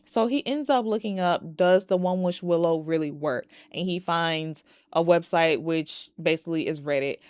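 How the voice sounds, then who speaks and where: Low-voiced woman recapping a movie bluntly. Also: normal speed, hardly any pauses, darkish tone, clean tone, no room sound, clean studio sound. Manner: blunt and profane, acting out characters' lines. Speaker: movie reviewer. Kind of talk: casual movie recap and review.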